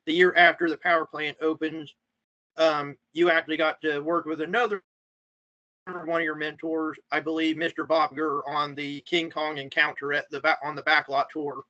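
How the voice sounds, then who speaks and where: A man hosting an interview who asks halting questions full of fillers. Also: fairly high pitch, level tone, sharp tone, no echo. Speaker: podcast host. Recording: dry, dull lo-fi mic.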